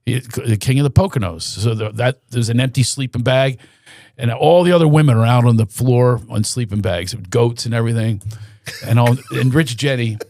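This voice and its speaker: A comedian telling long stories on a podcast, animated and quick to act out the people in them. His voice is gravelly, with a creaky edge. The sound is close and dry. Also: mid-range voice, no room sound. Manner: animated storyteller who slips into quoted voices; restarts and stammers mid-story. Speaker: guest comedian. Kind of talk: storytelling in a podcast chat.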